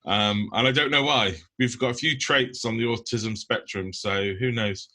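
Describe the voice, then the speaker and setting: A man's voice: mid-range voice, fairly even intonation, normal speed, bright, forceful tone. A young man from the UK, co-hosting a podcast in casual, blunt chat full of ums. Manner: blunt, rambling with many ums. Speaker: podcast co-host.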